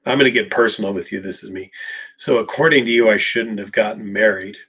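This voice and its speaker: A man's voice: on the low side, steady tone, fast talker, pushed and bright, breathy edge. A man, a psychologist, answering viewer questions on a live Q&A, speaking emphatically and addressing people directly by name. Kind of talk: live Q&A, casual talk.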